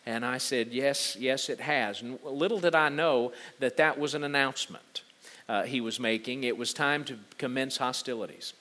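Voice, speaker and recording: A man in his forties, a pastor, preaching a sermon and telling a personal story in an earnest way, with halting restarts. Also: mid-range voice, sharp tone.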